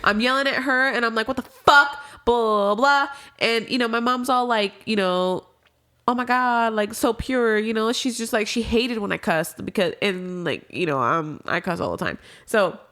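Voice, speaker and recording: A woman's voice: mid-range voice, normal speed, few pauses, a bit bright. A young adult woman as a podcast guest, talking candidly and casually about grief, swearing freely and trailing off into restarts.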